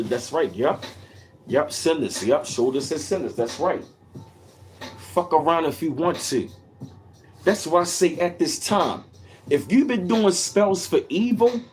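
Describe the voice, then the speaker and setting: Faint music sits under this livestream host as he reads chat and names individual viewers. His somewhat high voice is very animated, rising and falling to drive points home, and his delivery is emphatic, repetitive and heavy with swearing.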